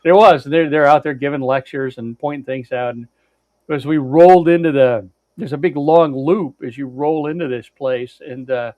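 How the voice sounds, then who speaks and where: A man's voice: a little high, moderate pace, darkish tone, no room sound. A man co-hosting a podcast, casually telling a long road-trip story with lots of fillers and restarts and some blunt swearing. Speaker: podcast co-host. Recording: dry, dull lo-fi sound.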